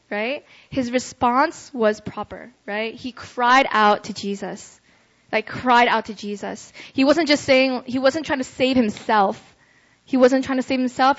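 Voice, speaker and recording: A young adult woman preaching a casual sermon, chatty and conversational, often checking in with her listeners with a quick "right?". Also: fairly high pitch. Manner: chatty, ends phrases with "right?". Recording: dull lo-fi recording.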